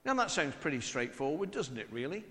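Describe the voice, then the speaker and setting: Sounding bright and forceful, this northwest English preacher, a middle-aged man with the local accent, delivers a humorous, conversational sermon packed with rhetorical questions. His slightly high voice is sing-song and brisk, echoing like a large hall.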